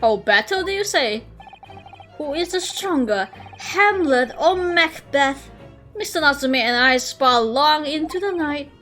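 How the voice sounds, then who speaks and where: Performed by a woman, a pompous, theatrical gentleman declaims in slow, archaic verse-like lines. The voice is high and drawn out, with faint music underneath. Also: expressive. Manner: slow, grandiose, archaic speech. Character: theatrical Shakespeare-quoting young gentleman lodger.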